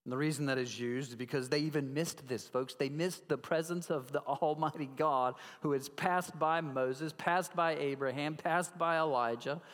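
A male pastor preaching a sermon, emphatic, swinging from loud declarations to hushed tones and putting questions to the congregation. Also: fairly high pitch, fairly even intonation, moderate pace, few pauses. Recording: long reverb of a large hall.

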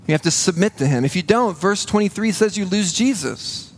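A man preaching a sermon in a church, earnest and building to a hushed intensity on key points. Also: high-pitched, lively intonation, brisk. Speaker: pastor.

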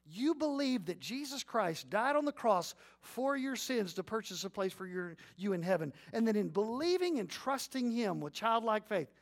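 A middle-aged man preaching a sermon as pastor, telling stories with lively acted-out scenes and leading the congregation in responsive reading. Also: sits high, normal speed, hardly any pauses. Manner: animated storytelling, acts out scenes, sudden loud bursts.

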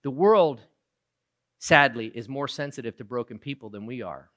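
A preacher giving a sermon, moving from low, quiet reflection to loud, emphatic retelling of a story. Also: animated, normal speed.

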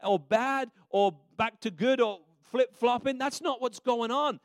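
A man voicing an overjoyed, generous father who loudly orders a celebration for his returned son. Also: very high voice, a little slow, no room sound, studio quality, pitched above the performer's own voice. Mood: jubilant. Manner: exclamatory, commanding.

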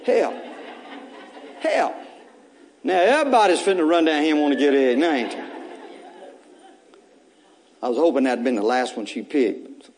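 A man's voice: on the high side, lively intonation, normal speed, long pauses, a little mellow, a faint crowd. A pastor preaching an Easter sermon. He repeats phrases to urge the congregation on and breaks in with casual, joking asides. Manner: repetitive, exhorting preaching with bursts of raised intensity.

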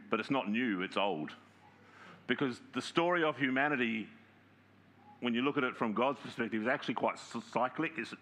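A man preaching a sermon in a conversational way, often checking in with the congregation and reading scripture aloud slowly with emphasis. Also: medium pitch, a bit bright. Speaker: pastor.

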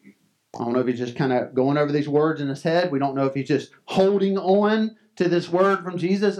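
A man's voice: a little high, moderate pace. A male pastor preaching a sermon in an earnest, conversational way, often restarting his words. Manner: earnest, conversational, frequent restarts and soft laughs.

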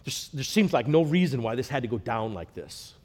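Male pastor, mid-pitched, earnest sermon delivery with swells and hushes. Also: sing-song, a little fast. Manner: earnest, swells loud then drops to a hush.

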